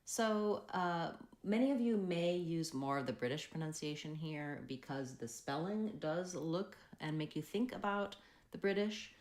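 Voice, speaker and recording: A woman with an American accent teaching pronunciation in an instructional video, slowly and carefully modeling vowel sounds. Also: lowish voice, a little mellow. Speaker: accent coach. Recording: roomy echoey recording.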